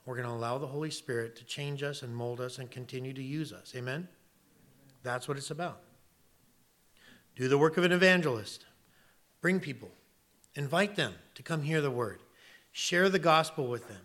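A man preaching a sermon as pastor, moving between loud emphatic exclamations and quiet, earnest passages. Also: mid-range voice, normal speed, pauses often.

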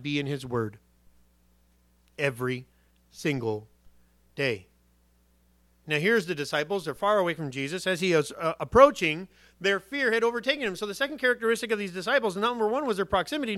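Bright-voiced, chatty male preacher. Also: sits high, dry recording. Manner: conversational, animated storytelling with asides. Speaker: pastor. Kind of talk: sermon.

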